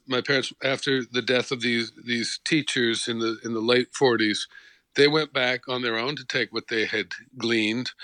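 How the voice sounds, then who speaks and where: A middle-aged actor from New Jersey, talking reflectively in a casual interview with many restarts. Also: male voice, medium pitch, bright, forceful tone, dry recording, rough recording. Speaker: actor, guest.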